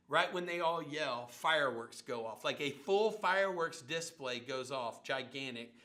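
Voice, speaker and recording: Middle-aged man, pastor, lively storyteller, bright forceful voice. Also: fairly high pitch, normal speed. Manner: animated storyteller, acts out quotes and sounds. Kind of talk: sermon storytelling.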